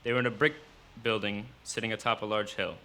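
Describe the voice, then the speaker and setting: At a live cafe event, a man reads his own fiction aloud in steady storytelling narration. His voice is lowish, and he reads briskly.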